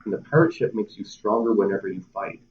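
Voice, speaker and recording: A game designer chatting as a guest in a relaxed interview, his voice sitting a little low. He laughs often and slips into short acted quotes. The sound is dull and lo-fi. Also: quick pace. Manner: laughs often, acts out players' lines. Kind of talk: casual interview chat.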